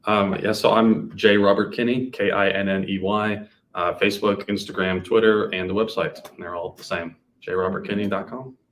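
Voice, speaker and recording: Low-voiced male guest, short quick remarks, faint noise behind. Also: level tone, fairly bright tone. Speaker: guest author. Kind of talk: casual interview chat.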